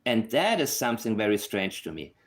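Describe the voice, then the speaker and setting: A man's voice: lowish voice, sing-song, fairly quick. A man with a non-native accent, a true-crime commentator talking through a case in casual analysis to camera. He is sarcastic and emphatic, and repeats his points to drive them home.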